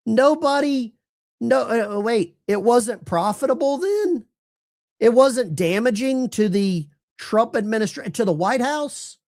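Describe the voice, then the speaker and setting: A man's voice: very high voice, lively intonation, takes it slowly, a little mellow. A man hosting a live stream of political commentary, talking to his chat viewers in a sarcastic, rambling way with many restarts. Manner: addresses chat viewers directly. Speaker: political commentary livestream host.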